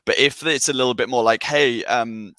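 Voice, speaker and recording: A man's voice: medium pitch, normal speed, bright, forceful tone, dry recording. A man co-hosting a sales webinar Q&A, talking casually and enthusiastically with lots of fillers and restarts.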